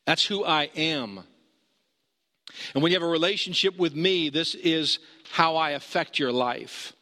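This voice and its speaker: A man preaching a sermon as pastor, earnest, rising high when he urges and dropping low and slow for emphasis. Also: bright, forceful tone, long reverb tail.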